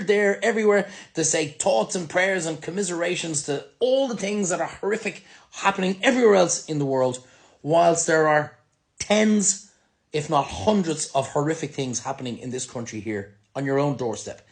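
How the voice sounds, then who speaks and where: An Irish man rants bluntly to camera, his fairly high voice swinging widely as he swears. He has an angry, plain-spoken manner. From Ireland. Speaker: restaurant business owner. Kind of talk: ranting vlog monologue to camera.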